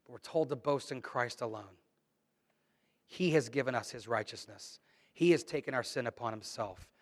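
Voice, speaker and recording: A man's voice: medium pitch, moderate pace. Man preaching in an echoey church. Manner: emphatic, conversational preaching with scripture reading. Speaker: pastor. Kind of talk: sermon. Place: church sanctuary.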